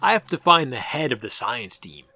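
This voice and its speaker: A man's voice: mid-range voice, big pitch swings, moderate pace, bright, forceful tone. A man narrating a sarcastic game review, ranting and exasperated. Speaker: gaming video reviewer.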